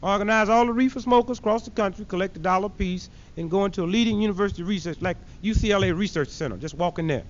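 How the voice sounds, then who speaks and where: A high-voiced man runs a punchy stand-up routine, mocking his targets and slipping into characters as he goes. The sound is dull and muffled, like a 1970s archive tape. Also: very fast, hardly any pauses, a little hiss or hum. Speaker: comedian.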